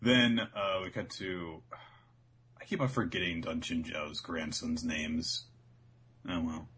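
A man's voice: low voice, steady tone, takes it slowly, fairly bright tone, a little hiss or hum. A man co-hosting a podcast, casually recapping an episode in a rambling way and laughing often. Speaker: podcast co-host.

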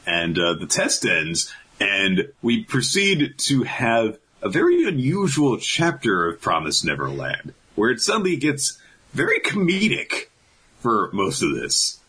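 A man's voice: mid-range voice, unhurried, slightly rough, rough recording. A man casually recapping a comic chapter on a podcast, acting out the characters as he goes. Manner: animated retelling, acts out characters. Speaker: podcast co-host.

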